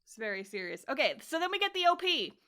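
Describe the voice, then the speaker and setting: A young woman co-hosts a podcast where she reviews anime, casually recapping an episode through lively storytelling. She acts out the characters' lines, laughs, and swears, speaking fast in a high-pitched voice.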